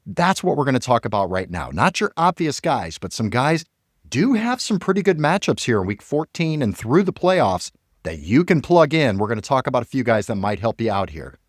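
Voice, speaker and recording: A man talks sports with a lot of energy, his voice jumping up and down as he gets excited. He slips in sarcastic jabs now and then. The sound is dry and close, with no room in it. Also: mid-range voice, moderate pace, no room sound. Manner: hyped, animated, sarcastic asides. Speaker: podcast co-host.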